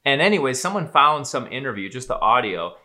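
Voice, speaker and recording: A man's voice: medium pitch, big pitch swings, brisk, bright, forceful tone. A man in casual podcast conversation, musing and thinking aloud with loose phrasing. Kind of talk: casual chat.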